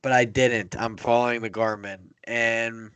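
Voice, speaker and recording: A young man spins a rambling road story in casual podcast chat, swearing freely and getting animated as he goes. His voice sits at an ordinary middle pitch, recorded dry and close with little room sound. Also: unhurried, smooth, dry recording. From Pittsburgh area. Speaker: podcast host.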